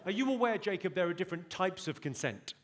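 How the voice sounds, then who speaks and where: A man's voice: high-pitched, expressive, fast talker. A man doing stand-up on a big theater stage, lecturing an audience member in a dry, mock-stern way. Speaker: stand-up comedian. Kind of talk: stand-up comedy set. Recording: live show with loud crowd laughter.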